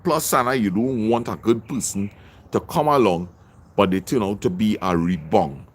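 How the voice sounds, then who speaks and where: A middle-aged man hosting a livestream reads out viewers' comments and chattily greets them by name. His voice is lowish and he talks at normal speed.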